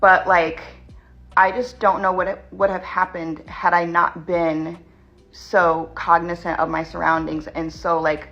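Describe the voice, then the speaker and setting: A woman in a storytime vlog, shaken and tense, rushing through her retelling with lots of "like". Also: fairly low pitch, flat delivery, bright, forceful tone, lo-fi sound, faint music behind. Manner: tense, rushed retelling full of "like". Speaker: vlogger.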